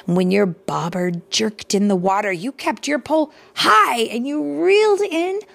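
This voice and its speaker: A woman voicing a gentle loving mother of two boys in a storybook, speaking softly with breathy whispers. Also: fairly high pitch, a little slow, pitched above the performer's own voice. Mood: tender. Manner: soft, tender, partly whispered.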